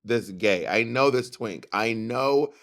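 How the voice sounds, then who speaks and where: This podcast co-host is a man with a medium-pitched voice who takes his time. He's in a casual chat, sharing strong opinions and telling animated stories, imitating the voices of people he quotes.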